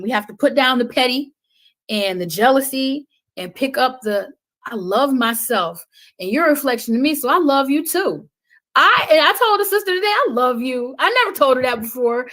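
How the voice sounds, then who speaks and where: Impassioned woman, loud to hushed. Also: high-pitched. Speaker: guest. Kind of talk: passionate podcast conversation.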